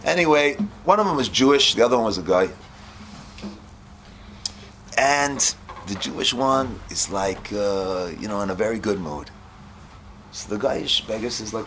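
A man teaching yeshiva students, telling a parable in an animated, conversational way with many fillers. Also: fairly low pitch, normal speed, pauses often, a little hiss or hum. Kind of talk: storytelling sermon.

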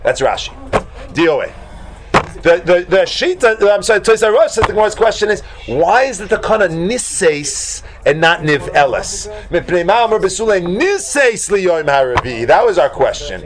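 Man, Talmud class teacher, animated, lively swooping pitch, higher voice. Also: normal speed, background noise. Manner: animated, acts out voices in the debate, bursts into shouts. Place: classroom with students.

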